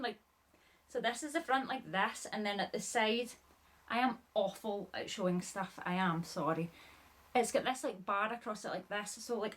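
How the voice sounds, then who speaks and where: A woman's voice: medium pitch, fairly bright tone. A chatty woman talks through her thrifted finds in a loose, rambling way. She sounds a bit out of breath and keeps apologizing as she goes, peppering every sentence with "like". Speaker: haul vlogger. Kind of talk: casual chat showing items.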